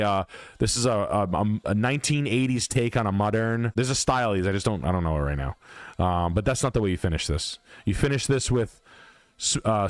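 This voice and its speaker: A man's voice: medium pitch, clear, resonant tone, dry recording. A man hosting a livestream, ranting bluntly and profanely in a casual, emphatic way. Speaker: livestream host.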